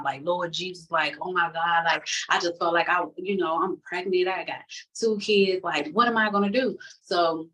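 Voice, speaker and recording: A woman's voice: fairly low pitch, far from the mic, rough recording. Casual woman telling her testimony. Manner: animated, acts out the other people in her story; casual, conversational speech. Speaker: person giving a testimony. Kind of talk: personal testimony storytelling.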